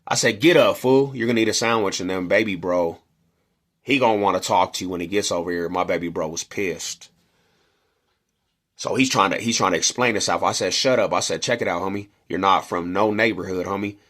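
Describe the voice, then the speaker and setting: A man's voice: deep voice, a little fast, fairly bright tone. A middle-aged man from Denver telling a neighborhood story in slangy casual talk, acting out quotes and punches. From Denver, Colorado.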